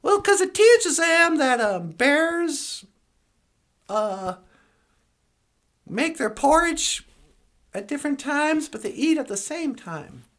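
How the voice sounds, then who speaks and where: A woman's voice: high-pitched, big pitch swings, takes it slowly, long pauses, fairly bright tone. A woman podcast co-host telling a fairy tale in a playful, rambling, casual way. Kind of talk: casual storytelling.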